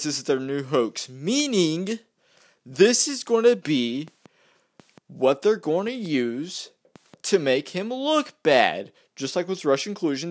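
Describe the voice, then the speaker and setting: A man's voice: a little high, darkish tone. A young man rambling through a casual political rant, repeating himself and mocking the other side. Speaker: vlogger.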